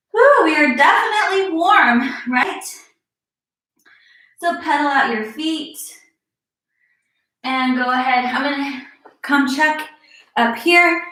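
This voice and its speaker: Her voice sits high and sounds a bit bright. She's a young fitness instructor cueing moves in a live-streamed yoga class, encouraging and a little winded as she exercises, recorded on a distant mic in an echoey room.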